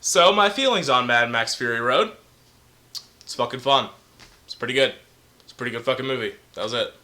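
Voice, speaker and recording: A man's voice: mid-range voice, fairly quick, sharp tone. A man co-hosting a casual movie review chat in an exaggerated radio voice, swearing constantly.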